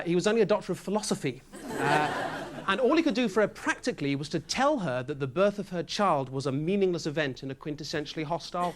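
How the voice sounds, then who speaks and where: Rambling comedian with a lively voice. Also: male voice, high-pitched, background noise. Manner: rambling, deadpan asides, absurd storytelling. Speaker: stand-up comedian. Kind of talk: stand-up routine. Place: comedy club stage with audience.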